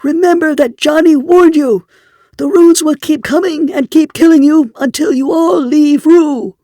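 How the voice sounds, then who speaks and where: A man voicing a crazed, grizzled old hermit who screeches shrill warnings at a crowd. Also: measured pace, dark tone, no echo. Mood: frantic warning.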